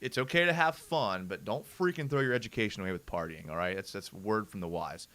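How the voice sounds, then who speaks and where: A young man hosting a live fan show, breaking down game film and reading out viewer comments in a lively, ranting way. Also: lowish voice, fairly quick. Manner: animated, ranting, addresses viewers as bro.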